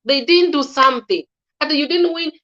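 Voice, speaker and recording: Kenyan woman guest airing political views, halting and repetitive, higher voice, muffled low-fi line. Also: sharp tone. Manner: halting, with frequent restarts and repeated words. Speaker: guest commentator. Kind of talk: casual political opinion talk. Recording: slightly dull lo-fi recording.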